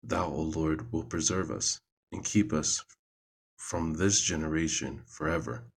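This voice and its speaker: A man reading scripture aloud in a halting way, correcting himself as he goes and adding casual comments. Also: rumbling low, fairly even intonation, creaky, slight background noise. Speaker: Bible reader.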